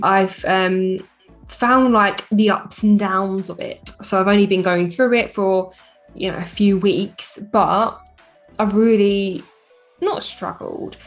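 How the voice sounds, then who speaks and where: A young woman talks straight to camera in a loose, chatty vlog, frank and a bit weary as she runs through her days. Her voice sits at an ordinary middle pitch. Faint music plays quietly behind her. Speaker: vlogger. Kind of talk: casual chat.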